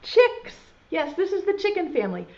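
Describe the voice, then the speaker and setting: A woman leads a preschool circle time from home, her voice high and full of swooping ups and downs. She speaks slowly and sing-song, stretching words for little listeners. The recording sounds dull and lo-fi. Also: lively intonation. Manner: slow, exaggerated, sing-song teacher talk to small children; uses sign language alongside speech. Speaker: preschool teacher.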